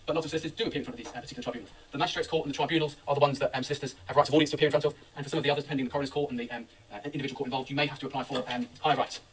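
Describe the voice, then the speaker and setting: Middle-aged man, law lecturer, rapid husky delivery, distant mic. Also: medium pitch, fairly even intonation. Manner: brisk, anecdotal, reassuring. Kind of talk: classroom lecture.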